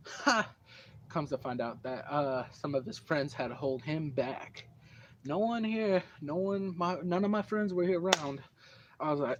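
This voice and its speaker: A teenage boy telling a long, animated story to the camera at home, full of fillers and cursing. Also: fairly high pitch, moderate pace. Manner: animated, profane, rambling with fillers. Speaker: vlogger. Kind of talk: casual storytelling. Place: at home, indoors. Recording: dull lo-fi home recording, faint background noise.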